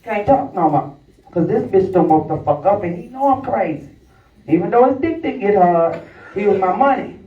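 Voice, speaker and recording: A woman's voice: mid-range voice, expressive, normal speed, a little hiss or hum. A woman doing stand-up storytelling, brash and profane, talking straight to the crowd from a live comedy venue. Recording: echoey, distant, dull live recording.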